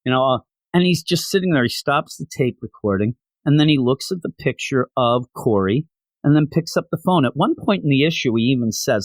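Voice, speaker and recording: Guy hosting a comic podcast, rambly and excited, mid pitch, dry close sound. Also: brisk, no room sound. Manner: enthusiastic, rambling, with many fillers. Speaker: podcast host. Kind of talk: casual comic book recap.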